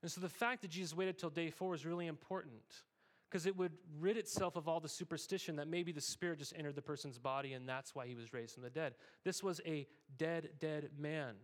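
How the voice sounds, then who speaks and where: A man delivering a sermon as a pastor, talking to the congregation in a relaxed, conversational way with lots of quick asides. His voice sits somewhat higher than most men's. He moves between casual banter and earnest, emphatic preaching. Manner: conversational, animated preaching with frequent "okay?" asides.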